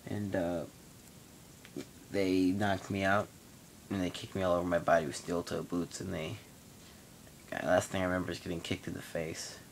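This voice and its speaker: A young man in his late teens hosting his own vlog, telling a long personal story in a casual, rambling, matter-of-fact way with pauses. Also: sits low, level tone, gravelly, slight background noise. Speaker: vlog host.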